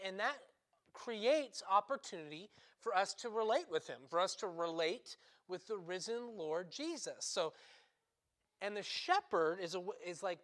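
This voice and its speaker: A priest delivers a sermon in a high-sitting voice, using short, conversational phrases and frequently tacking on "right?" He restarts and corrects himself mid-sentence, and key words get stressed with sudden bursts of loudness.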